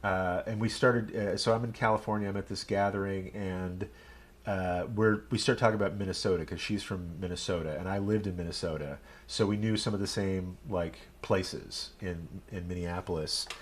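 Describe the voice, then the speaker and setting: A man's voice: sits low, steady tone, normal speed. A man from Texas with a Texan accent, a rabbi chatting casually and rambling on a live stream. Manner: rambling, chatty, self-deprecating.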